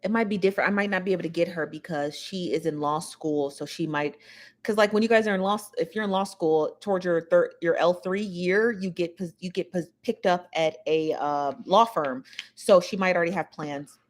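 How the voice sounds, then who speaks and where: A woman's voice: fairly low pitch, a little fast. A woman hosting a casual livestream, rambling and chatty as she talks straight to her viewers. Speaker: show host.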